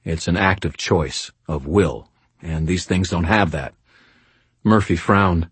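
A man narrating a first-person fantasy audiobook in a wry, measured way. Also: deep voice, breathy edge, no echo.

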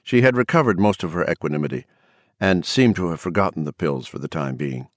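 Brief: male audiobook narrator, low voice, expressive pitch, dry booth sound. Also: fairly quick, dry recording. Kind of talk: scripted narration.

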